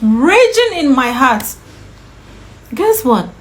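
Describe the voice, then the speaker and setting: A woman's voice: medium pitch, expressive, moderate pace, low-quality recording. A woman vlogger telling a personal story to camera in an indignant, emphatic way, firing off repeated questions.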